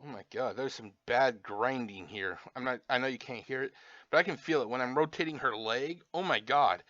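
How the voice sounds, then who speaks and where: A man's voice: medium pitch, normal speed, bright, forceful tone, no echo. A man reviewing toys in a profane, angry, sarcastic unboxing rant, recorded at home. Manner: angry, sarcastic, swears constantly. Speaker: toy reviewer. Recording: dull lo-fi dry sound.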